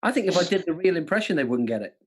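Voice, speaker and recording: A man runs a live quiz night with a playful, self-mocking manner. His voice swings widely in pitch, and he often laughs at his own jokes. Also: big pitch swings, rapid-fire, husky. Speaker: quiz host. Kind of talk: live-streamed quiz hosting with jokey impressions. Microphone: studio mic with monitors.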